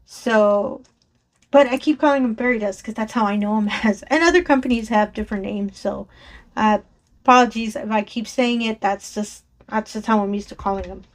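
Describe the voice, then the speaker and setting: A woman's voice: a little high, moderate pace. A woman vlogger chatting casually while sorting craft supplies, enthusiastic, laughing often and correcting herself as she goes. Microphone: desk microphone below a raised camera.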